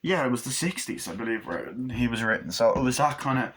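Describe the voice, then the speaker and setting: Young male reviewer, bright forceful tone, loose rambling delivery with casual swearing. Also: medium pitch, big pitch swings, breathy edge. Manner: rambling, swearing, acts out scenes in quick put-on voices. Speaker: movie reviewer.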